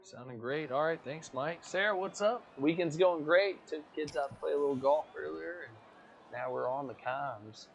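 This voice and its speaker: An American man commenting on an online racing league, excitable and quick to hype close results. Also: a little high, vocal fry, slight background noise. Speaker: race commentator. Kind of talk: esports race commentary.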